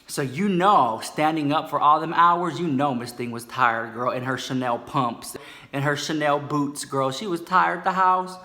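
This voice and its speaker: A man's voice: on the high side, normal speed, sharp tone. A man doing a campy, dramatic gossip vlog, sassy and full of "girl" asides. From United States. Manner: sassy, dramatic, calls viewers "girl" constantly. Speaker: comedy vlogger.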